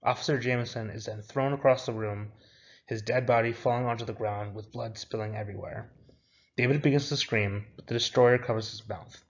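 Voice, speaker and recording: A young man reading out his own script with its stage directions, in a plain, even way. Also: mid-range voice, a little fast, lo-fi sound.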